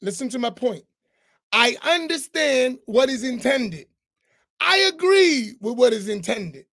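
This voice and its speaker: A man's voice: extremely high pitch, big pitch swings, measured pace, a bit bright. A man, an imam on an online roundtable, making his point firmly and insistently, step by step. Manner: firm, insistent, reasoning step by step.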